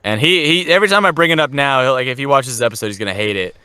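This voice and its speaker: A man's voice: medium pitch, very fast, sharp tone, clean tone, dry recording. Young man, podcast host, swears a lot, acts out quotes, dry close sound. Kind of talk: casual storytelling chat.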